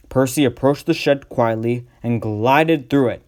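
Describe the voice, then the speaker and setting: A man reading a storybook aloud as the narrator, in a measured, even way. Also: mid-range voice.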